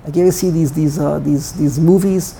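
A man teaching a text study class, thinking aloud in a halting way and often repeating words. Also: fairly high pitch, steady tone, creaky, mellow, a little hiss or hum.

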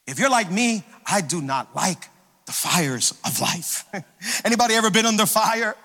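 A man preaching a sermon as a pastor, animated, with a sing-song cadence and call-and-response to the congregation. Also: sits high, normal speed. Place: church sanctuary. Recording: reverberant hall.

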